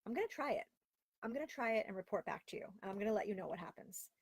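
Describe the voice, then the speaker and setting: A woman in her thirties chats candidly on a live stream, exasperated and quick with a running string of "like." Her voice sits at an ordinary middle pitch. The sound is close and dry, with no room around it. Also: animated, breathy edge, dry recording. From Florida, via Long Island. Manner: candid, exasperated and chatty, with lots of "like". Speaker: host of a live video show. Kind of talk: casual live-stream chat reading viewer comments. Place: home closet.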